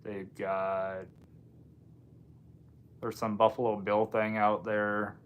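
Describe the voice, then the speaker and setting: A man from Washington State hosts a casual live chat, reading comments from viewers. He's loose and offhand, with lots of ums and dry asides, and his low, clean-toned voice moves slowly with little change in pitch.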